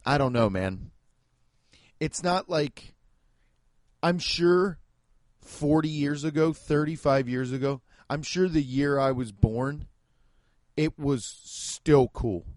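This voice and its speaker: A man's voice: on the high side, a little mellow, dry recording. Profane rambling Midwestern man. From American Midwest. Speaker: podcast host and stand-up comedian. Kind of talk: casual monologue.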